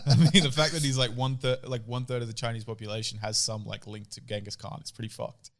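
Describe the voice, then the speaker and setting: Young aussie bloke on a podcast, swears a lot, gets loud telling stories. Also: male voice, mid-range voice, quick pace, crowd noise. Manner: crude, animated storytelling with heavy swearing. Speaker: podcast co-host. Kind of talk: casual chat.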